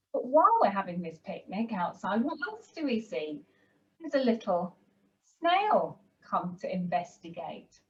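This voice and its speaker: A woman teaching a children's yoga class and giving gentle, encouraging instructions to young kids. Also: a little high, far from the mic, highs cut off. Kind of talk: guiding a kids' yoga class.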